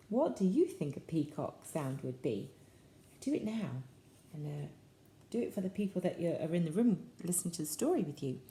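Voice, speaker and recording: A woman's voice: deep voice, expressive, normal speed, dark tone, roomy sound. A woman reading a picture book aloud to children in a playful, sing-song way, often asking them questions. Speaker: children's storyteller.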